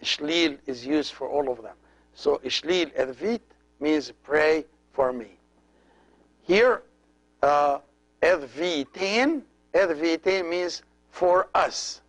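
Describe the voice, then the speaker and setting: A middle-aged man, a priest, teaching a language lesson slowly and carefully, repeating each word for practice. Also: on the high side, poor audio.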